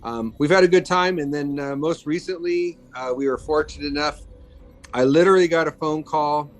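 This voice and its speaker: A man in his fifties with a fairly high voice speaks at a moderate pace, and the audio quality is poor. He is a makeup effects artist appearing as a guest in a casual interview, chatting about his work with plenty of fillers and restarts.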